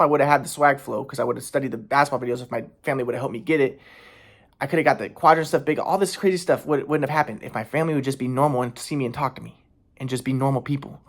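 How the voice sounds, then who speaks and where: A man in a casual personal monologue, rambling and repeating himself, aggrieved and swearing heavily. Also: on the high side. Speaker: vlogger.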